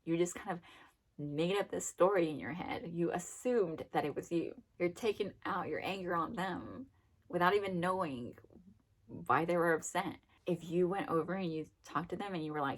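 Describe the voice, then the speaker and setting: A woman's voice: fairly low pitch, normal speed. A young adult woman giving a casual, rambling self-help talk, full of fillers and acted-out quotes. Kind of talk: casual monologue.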